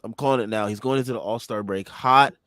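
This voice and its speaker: A man co-hosting a casual sports podcast, talking in an excitable, brash way and making bold predictions. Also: medium pitch, fast, no room sound. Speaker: podcast co-host.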